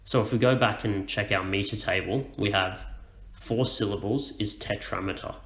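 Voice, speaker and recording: Low-voiced man explaining poetry slowly. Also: fairly bright tone, reverberant, rough recording. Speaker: teacher. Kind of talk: educational explainer.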